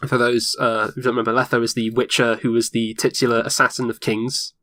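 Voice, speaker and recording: A man's voice: medium pitch, little pitch movement, a little fast, a bit bright, no room sound. A man co-hosting a podcast in casual chat, explaining things enthusiastically. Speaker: podcast co-host. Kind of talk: casual chat about a video game.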